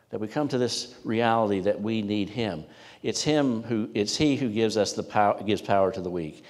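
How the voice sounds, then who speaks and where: A man preaching a sermon emphatically, rising in pitch and volume when reading scripture and dropping low for asides. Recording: long hall reverb.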